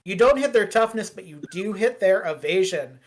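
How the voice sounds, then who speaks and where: A woman's voice: mid-range voice, lively intonation, moderate pace. A woman narrating as game master of a tabletop role-playing game, chatty and meandering, with many fillers and restarts.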